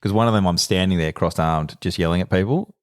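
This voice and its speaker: Deep-voiced laid-back Australian man. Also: fast talker, clear, resonant tone, dry recording, clean studio sound. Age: around 40. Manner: laid-back, laughs through his anecdotes. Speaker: podcast co-host. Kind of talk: casual chat, storytelling.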